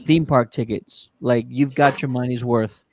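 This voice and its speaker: A man's voice: medium pitch, steady tone, a little slow, noisy background. A man hosting a podcast in casual chat, upbeat and promotional, with frequent restarts. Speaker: podcast host.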